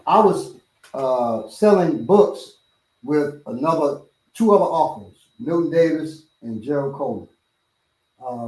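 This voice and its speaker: Middle-aged man, martial arts instructor, lively storyteller, high pitch, roomy distant mic. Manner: animated, acts out quoted voices loudly. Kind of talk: casual storytelling chat.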